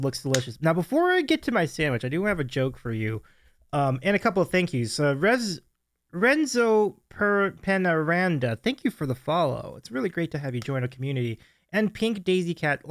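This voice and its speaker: Upbeat male stream host, lively pitch. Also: fairly quick, dry recording. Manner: upbeat, laughs often, thanks viewers by name. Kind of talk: casual live-stream chat.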